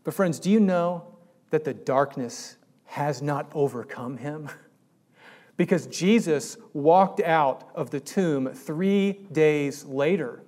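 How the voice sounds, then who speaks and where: A man's voice: fairly high pitch, a little mellow. A man preaching a sermon in a conversational way that rises to emphatic peaks. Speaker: pastor.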